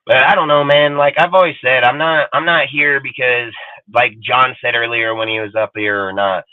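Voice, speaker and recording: A man hosting a livestream panel, ranting in a brash, swaggering way with heavy swearing, his voice swinging between loud bursts and low mutters. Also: steady tone, moderate pace, no room sound. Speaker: podcast panel host. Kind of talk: profane livestream rant. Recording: tinny phone-like call audio, dry.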